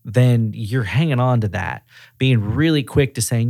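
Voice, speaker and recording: There's some vocal fry in this man's mid-range voice, and he keeps a measured pace; the studio sound is clean with no room echo. A regional director of auto repair shops, he animatedly acts out dialogue from his stories in a laid-back podcast interview.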